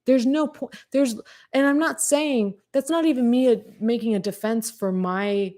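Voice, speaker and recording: A woman hosts a podcast livestream and talks straight to her chat. She rambles casually, full of fillers and restarts, and speaks frankly, even swearing at times. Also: on the high side, moderate pace. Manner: talks to live chat readers. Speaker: podcast host.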